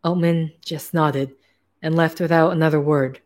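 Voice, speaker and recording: A woman reading a novel aloud in a casual, steady way, now and then breaking off for offhand asides. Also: low voice, normal speed. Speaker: narrator.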